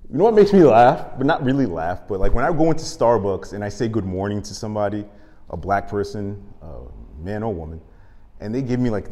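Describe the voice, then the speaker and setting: A man hosting his own show, delivering a comic, impassioned rant full of profanity that swings from loud to muttered. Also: low voice, big-room sound. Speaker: show host. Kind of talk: comedic monologue rant.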